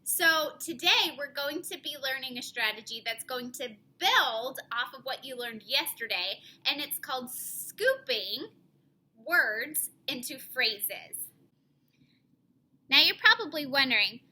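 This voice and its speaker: A woman teacher talks young students through a reading lesson, her voice high and very bright. She speaks slowly and clearly, pausing to show each step. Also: big pitch swings. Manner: slow, clearly paced modeling of read-aloud. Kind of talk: online reading lesson for children.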